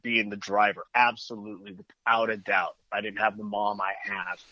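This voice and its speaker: A man's voice: on the low side, flat delivery, normal speed, no room sound, lo-fi sound. A man talking as a guest in a casual conversation, earnest and reflective.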